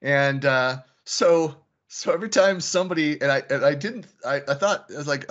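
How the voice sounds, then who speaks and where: A man's voice: on the high side, moderate pace, hardly any pauses, fairly bright tone, highs cut off. A middle-aged man hosting a casual online panel, a chatty storyteller who laughs often. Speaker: host.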